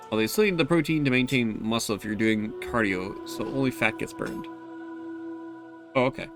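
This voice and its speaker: A man's voice: medium pitch, animated, normal speed, over music. A man streaming a game, chatting casually, rambling and laughing as he reacts to chat.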